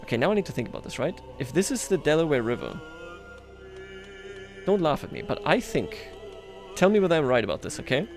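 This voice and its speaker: With a fairly high voice that swings widely in pitch, he talks a little fast but drops into long pauses. Soft music plays as he livestreams a strategy game, joking at his own expense, chuckling, and chatting casually with viewers.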